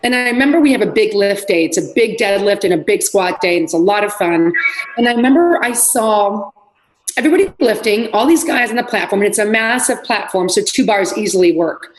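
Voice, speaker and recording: A middle-aged woman, a fitness trainer, telling lively stories in a casual podcast chat and acting out what people said. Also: medium pitch, fairly quick, low-quality recording. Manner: animated storyteller, acts out quotes.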